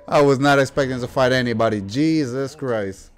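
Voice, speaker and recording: Excitable male gamer yelping at a game. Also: medium pitch, normal speed. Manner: excitable, bursts into loud yelps and exclamations; slangy, playful banter at the game. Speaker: gaming YouTuber. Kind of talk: live gameplay commentary.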